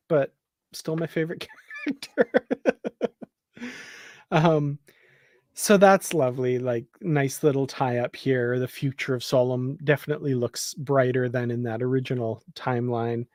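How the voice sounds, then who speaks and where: A man's voice: mid-range voice, normal speed, darkish tone, no room sound, clean studio sound. A man co-hosting a casual fan discussion, enthusiastic and laughing often, with lots of fillers. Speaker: podcast co-host.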